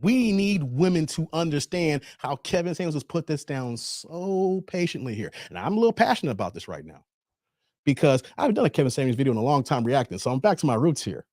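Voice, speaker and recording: Fired-up man lecturing with a high voice. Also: very animated, fairly quick, no room sound, studio quality. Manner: passionate, profane, lecturing; repeats the filler "here", swings between loud and quiet. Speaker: channel host reacting to a livestream. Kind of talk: heated livestream commentary.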